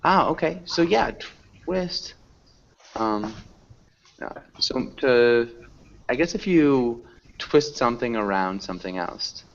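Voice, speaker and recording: A man's voice: medium pitch, lively intonation, creaky, highs cut off. A man teaching an English class online, patiently asking students questions and explaining words. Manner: patient, slow, asks questions.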